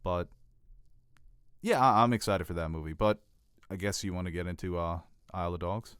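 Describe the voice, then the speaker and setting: A man's voice: low voice, moderate pace, a bit bright, clean tone, dry recording, studio quality. A young man co-hosting a podcast, chatting casually with wisecracking, opinionated remarks. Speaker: podcast co-host. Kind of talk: casual chat.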